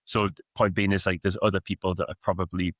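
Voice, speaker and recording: Deep flat-voiced man, softened Geordie accent. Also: fast talker, dry recording. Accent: Geordie, softened by years in the US. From Newcastle, England. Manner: reflective, rambling with many fillers. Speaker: guest, football coach. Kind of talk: casual podcast interview.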